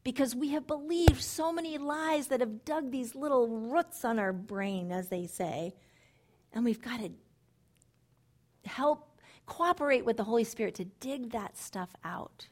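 A middle-aged woman giving sermon-style Bible teaching to women, animated and emphatic, repeating phrases and dropping into soft asides. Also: a little high, a little slow, a little hiss or hum. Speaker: women's ministry speaker.

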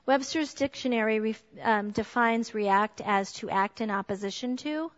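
Mom talking to parents, kinda high voice, long echo, dull muffled sound. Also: female voice, normal speed. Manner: conversational, candid, with a personal story. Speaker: speaker on parenting. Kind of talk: talk to a group of parents. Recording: dull sound in a large reverberant hall.

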